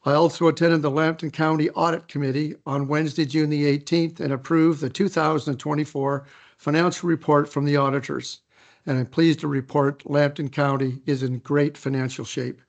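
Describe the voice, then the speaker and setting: Man, council chair, formal procedural delivery, slightly raised pitch, council chamber. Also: flat delivery, creaky, muffled recording. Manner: procedural, measured, reads reports aloud. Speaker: mayor chairing council meeting.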